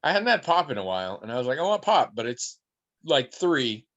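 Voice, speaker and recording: Animated rambling male podcast host. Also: medium pitch, brisk, dull audio. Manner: rambling animated storytelling with mimicked voices. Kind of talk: casual podcast chat.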